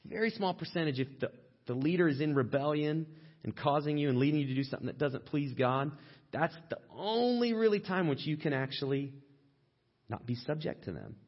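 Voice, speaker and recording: A male pastor delivering a sermon in a relaxed, conversational manner, now and then mimicking a complaining voice. His voice is husky, and the recording sounds dull and lo-fi. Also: a little fast. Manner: conversational, acts out quoted complaints in a higher voice.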